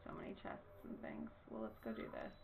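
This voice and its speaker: A woman streaming a video game live, commenting casually with blunt reactions and frequent swearing. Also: heavy background noise. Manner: blunt, swears often, quick reactive outbursts.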